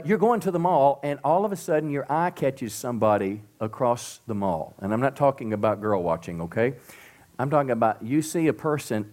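A middle-aged man preaching to a church congregation, swinging from loud emphatic peaks to soft drops and calling out to the crowd for responses. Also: mid-range voice. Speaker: pastor. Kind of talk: sermon. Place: church sanctuary.

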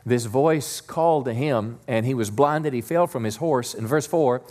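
A male pastor preaches a Sunday sermon in a middle-pitched voice, keeping it conversational and easygoing. He draws the congregation in, asking them to repeat key lines back to him. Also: moderate pace, a little mellow. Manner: conversational preacher, leads call-and-response. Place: church sanctuary.

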